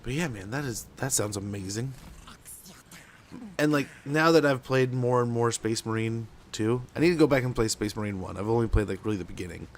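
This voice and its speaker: A man's voice: medium pitch, fairly quick, slight background noise. A young man chatting casually and rambling while playing a strategy game on stream, with lots of fillers. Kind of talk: casual gameplay chat.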